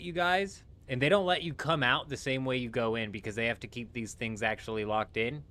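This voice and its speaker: A young adult man streaming a game from home, telling stories in a relaxed, animated way, swearing and calling his viewers "bro" and "dude". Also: mid-range voice. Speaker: gaming livestreamer. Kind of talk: casual live-stream chat.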